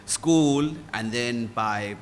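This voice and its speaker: A man's voice: medium pitch, extremely slow. Durban man telling stories, roomy hall. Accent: South African, Durban. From South Africa. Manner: relaxed, rambling, mixes in Zulu phrases and mimics voices. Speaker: guest musician. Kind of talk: casual interview storytelling. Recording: hall reverb with faint ambient noise.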